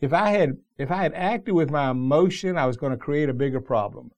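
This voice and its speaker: A middle-aged male pastor delivers a sermon in a fairly high voice for a man. He talks in a loose, conversational way, often restarting his sentences as he tells a story. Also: lively intonation, fairly quick.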